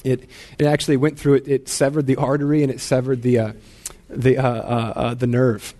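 A man's voice: medium pitch, flat delivery, brisk, warm tone. Male pastor in his thirties, casual self-deprecating sermon delivery, mid-range voice. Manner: casual storytelling, self-deprecating, repeats words often.

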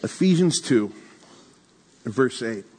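A young adult man preaching a sermon to a congregation, mixing scripture with personal stories and casual asides, slowing down for emphasis and speeding through side remarks. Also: medium pitch, animated, mellow, husky. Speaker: pastor.

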